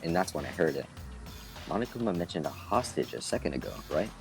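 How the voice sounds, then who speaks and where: A man's voice: low-pitched, sing-song, fast, vocal fry. A man playing a game and reading its dialogue aloud in his own voice, with chatty asides, game music behind him. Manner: voices every character himself, chatty asides. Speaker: let's play gamer reading dialogue aloud.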